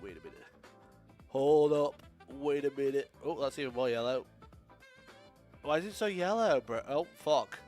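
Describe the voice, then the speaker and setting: A young man from Sheffield, chatting casually to his live-stream audience, swearing freely and laughing often. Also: mid-range voice. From Sheffield, England. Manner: sweary, laughs often, swings loud and quiet.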